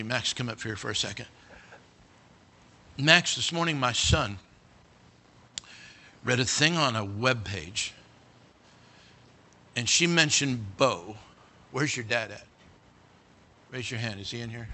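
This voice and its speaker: A preacher delivers an animated sermon, turning often to speak directly to his congregation. His voice is bright and forceful. He sits at a middle pitch for a man. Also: takes it slowly, pauses often. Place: church.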